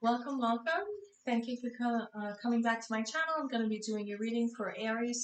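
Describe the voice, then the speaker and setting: A woman's voice: fairly high pitch, fairly quick, reverberant, recorded from a distance, a little hiss or hum, rough recording. Tired woman giving a tarot reading. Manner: chatty, apologetic, self-correcting. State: tired, yawning. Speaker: tarot reader.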